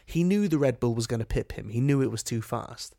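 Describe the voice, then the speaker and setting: A man's voice: medium pitch, animated, brisk, gravelly, mellow, no room sound. A playful man co-hosting a comedy chat show, bouncing between stories and goofy impressions. His voice sits in an ordinary middle register, recorded close and dry with no room sound. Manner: playful, breaks into silly voices and sound effects. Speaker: podcast co-host.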